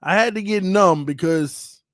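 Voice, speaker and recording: A man's voice: sits high, unhurried, a bit bright, no room sound, clean studio sound. Tipsy, laughing man on a livestream. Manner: laughing, playful and rambling. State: a little tipsy. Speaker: fan channel host. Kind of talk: casual livestream chat.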